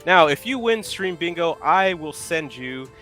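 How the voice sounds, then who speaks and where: Male stream host, bright lively voice, chatty and upbeat, faint music under. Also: fairly high pitch, measured pace. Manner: upbeat, reads viewer redeems and chat aloud. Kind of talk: casual live-stream chat.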